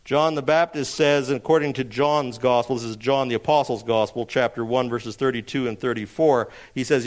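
A man with a medium-pitched, steady voice preaches an expository sermon emphatically, posing rhetorical questions and answering them, and slowing down dramatically on key phrases.

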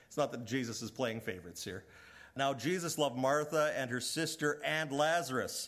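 A middle-aged male pastor preaching a sermon, swinging between loud emphatic rises and hushed, trailing low lines.

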